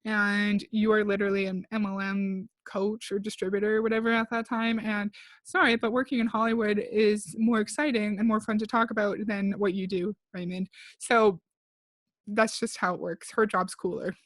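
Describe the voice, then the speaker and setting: A woman's voice: medium pitch, flat delivery, moderate pace, no room sound. A woman commenting on a video clip, blunt and sarcastic. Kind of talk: critical reaction commentary.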